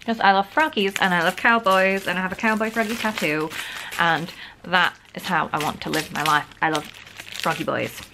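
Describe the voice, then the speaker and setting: A woman's voice: medium pitch, brisk, pushed and bright, a little hiss or hum. A young Northern English woman chatting casually through a gift haul vlog at home, gushing and giggling now and then. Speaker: vlogger. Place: home room. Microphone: camera on a stand.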